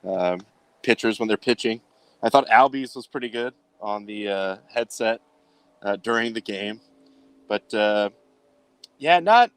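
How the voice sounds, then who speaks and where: A man's voice: on the low side, dry recording. A man hosting a casual sports talk show, speaking in a rambling way with many fillers. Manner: rambling, filler-heavy delivery.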